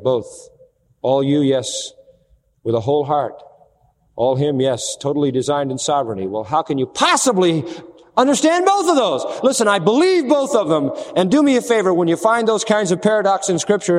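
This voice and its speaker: Guy preaching, high voice, asks his own questions then hits back with the answer, long reverb hall. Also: darkish tone. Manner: emphatic, rhetorical questions and answers. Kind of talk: sermon.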